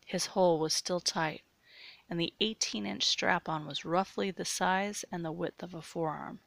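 Woman reading a story, low gravelly voice, steady pace, dry close mic. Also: moderate pace, no echo. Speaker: story reader. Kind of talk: scripted narration of erotic horror.

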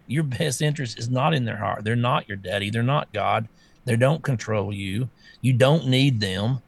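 A man's voice: mid-range voice, normal speed, vocal fry, dry recording. A man co-hosting a casual talk show, blunt and exasperated, often stammering and restarting. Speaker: co-host.

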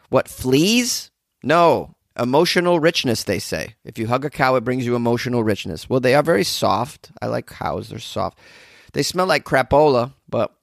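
A man's voice: medium pitch, no room sound. Man, podcast host, hungover, sarcastic, rambling comedic news, dry close sound. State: hungover, low energy.

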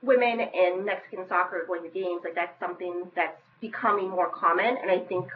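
A young woman from Western Massachusetts, a podcast guest chatting casually and quickly. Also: fairly low pitch, highs cut off, a little hiss or hum.

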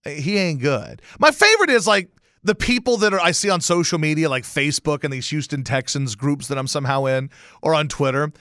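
A man hosting a sports talk show, ranting and telling stories in a profane, animated way with sudden loud outbursts. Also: fairly high pitch, brisk, no echo, clean studio sound. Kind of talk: casual sports rant.

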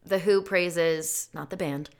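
A woman's voice: lowish voice, fairly even intonation, slow pace. A woman co-hosting a podcast, chatting casually and laughing often as she passes on what a friend told her. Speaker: podcast co-host. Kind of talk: casual chat.

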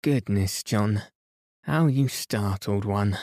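A man voicing a cheerful young wife and mother in a bedtime story reading, lively and affectionate, only slightly lifting his voice. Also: on the low side, takes it slowly, no echo, studio quality. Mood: scolding fondly.

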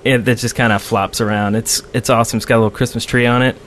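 A man co-hosting a casual gaming podcast, chatty and quick to laugh, humming to himself as he reads through a list. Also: medium pitch, level tone, a bit bright, slight background noise. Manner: chatty, laughs often, hums while reading a list. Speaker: podcast co-host. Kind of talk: casual chat.

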